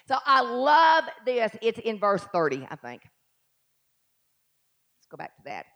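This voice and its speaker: A middle-aged woman preaching a lively sermon, dropping into hushed asides and rising to shouted declarations. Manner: acts out doubting voices in a low mutter. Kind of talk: live sermon.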